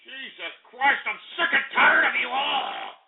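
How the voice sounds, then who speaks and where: A man's voice: very high-pitched, very animated, measured pace, creaky, slightly rough. A male call-in radio host ranting angrily and swearing at his callers. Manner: angry, profane, shouting tirades. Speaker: radio host taking calls. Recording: phone-like lo-fi stream audio.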